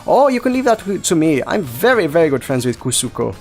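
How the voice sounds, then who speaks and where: A sly, boastful schoolgirl from a visual novel, put on by a man reading aloud, talking in a Canadian accent with smug coaxing. The voice sits fairly high and swings lively through its pitch. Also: quick pace, soft background music.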